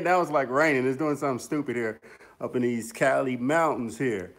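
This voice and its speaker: A man's voice: medium pitch, moderate pace. A man casually hosting a livestream, upbeat and chatty, greeting viewers by name and rambling with fillers. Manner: upbeat, chatty, lots of shout-outs and fillers. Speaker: music producer and YouTuber hosting a livestream. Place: home studio in the mountains.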